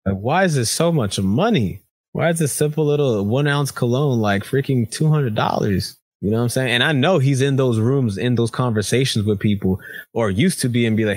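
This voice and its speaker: Animated casual male podcast co-host. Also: medium pitch, normal speed, husky, no echo. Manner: animated storyteller, acts out quoted voices, laughs often. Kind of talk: casual chat.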